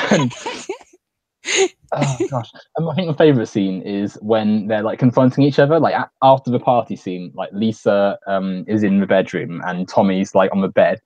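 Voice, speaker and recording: A man's voice: on the low side, normal speed, a little mellow, dry recording. Giggly rambling man in a casual chat. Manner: giggly, rambling, lots of fillers. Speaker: stream host.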